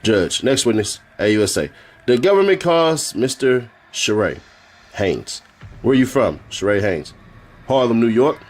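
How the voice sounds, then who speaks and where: A man's voice: medium pitch, measured pace. A man streaming, reading a court transcript aloud in a casual way and breaking off for joking asides. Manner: reads flatly, then breaks off for joking asides and laughs.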